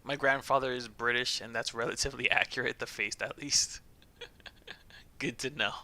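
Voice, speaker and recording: A man's voice: mid-range voice, fairly even intonation, normal speed, bright, forceful tone. A man streaming a game, chatting casually, joking and laughing often. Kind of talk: casual let's-play commentary.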